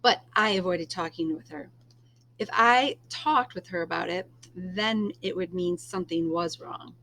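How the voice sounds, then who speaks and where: Soft-spoken woman reading a novel aloud. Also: on the low side, measured pace. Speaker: reader.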